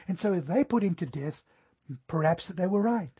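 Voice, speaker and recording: A man preaching a sermon in a high, husky voice with a mellow, dark tone. He tells stories in an animated way, rising to emphatic peaks. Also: normal speed, dull audio. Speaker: pastor.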